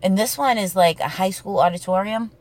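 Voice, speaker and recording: A woman's voice: mid-range voice, fairly quick, a little mellow. Woman in her 40s, swears constantly, rambles off on tangents telling stories. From New England. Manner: profane, rambling, goes off on tangents. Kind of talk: casual storytelling monologue.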